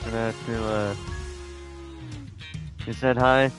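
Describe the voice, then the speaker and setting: A man's voice: medium pitch, flat delivery, slow, poor audio. A man streaming a game, chatting casually with viewers in a rambling way, with many restarts. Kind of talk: casual live-stream chat. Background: faint game music.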